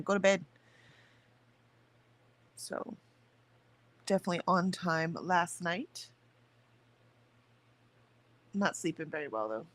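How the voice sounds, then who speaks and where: A woman's voice: on the low side, fairly bright tone, no echo. A woman chatting casually on a livestream, rambling about her morning and talking to her viewers. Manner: chatty, rambling, talks to chat and her dog. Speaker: livestream host.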